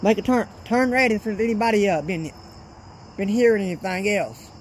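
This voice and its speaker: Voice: medium pitch, normal speed, a little hiss or hum. A ghost-hunting vlogger talks nervously to viewers, repeating phrases over and over, filmed outdoors at night on a camera set on a tripod. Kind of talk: casual vlog narration.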